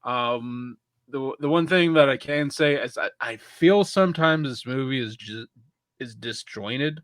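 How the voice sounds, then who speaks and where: Speaking a little slowly, this podcast co-host has a medium-pitched, slightly bright voice with no room sound. He chats casually about a film, rambling, restarting often, and swearing now and then.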